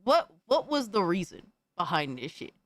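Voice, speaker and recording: Hosting a casual live stream, a woman with a medium-pitched, very animated voice reacts to viewer videos at a normal speed. She puts on mock outrage, swears a lot, tosses in slangy asides and calls everyone "bro," all in a dry recording.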